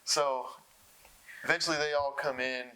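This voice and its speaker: A young man telling stories in a casual interview, laughing often and getting excited. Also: on the high side, normal speed, rough recording. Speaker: interview guest. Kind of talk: casual storytelling.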